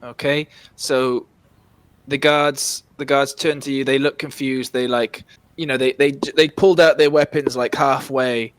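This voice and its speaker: Running a tabletop game as dungeon master, a man with a mid-range voice and steady tone narrates a little slowly. His scene-setting is casual and chatty, and he frequently restarts his phrases.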